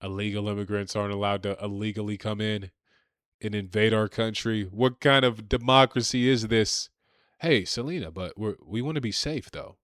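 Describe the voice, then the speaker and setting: A man's voice: fairly low pitch, moderate pace, fairly bright tone, smooth, dry recording, clean studio sound. A man giving a combative political rant, repeating himself and leaning on slang. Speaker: political commentator.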